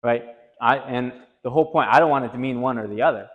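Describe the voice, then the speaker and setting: A man leading a group talk at a retreat, telling a story in an animated way and lifting his voice when he quotes someone. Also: fast talker, in a large hall, phone-quality sound. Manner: animated, rising pitch when quoting. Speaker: retreat discussion leader. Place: retreat meeting room.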